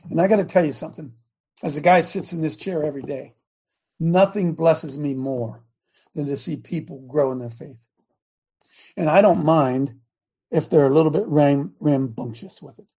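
A man's voice: a little high, mellow, husky. A middle-aged man hosting a show and preaching a conversational sermon, fervent and often checking that listeners follow him.

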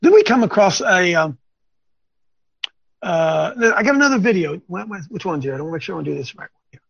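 High, gravelly man preaching informally. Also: fairly quick, no echo, dull audio. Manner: animated, rambling, folksy asides. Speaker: host of a Bible teaching show. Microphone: on camera, wearing glasses.

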